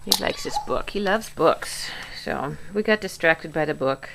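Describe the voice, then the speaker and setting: A woman's voice: sits low, expressive, a little slow, heavy background noise. A mother filming a home video, coaxing and cheering on her toddler in a sing-song, baby-talk way.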